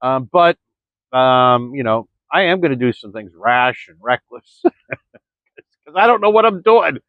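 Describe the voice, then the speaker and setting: A man's voice: medium pitch, animated, unhurried, no room sound. Rambling man talking to viewers, lo-fi. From Florida. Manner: rambling, repeats words, addresses listeners as folks. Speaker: vlogger. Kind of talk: rambling monologue. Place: early morning, indoors or near the camera. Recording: dry, dull lo-fi sound.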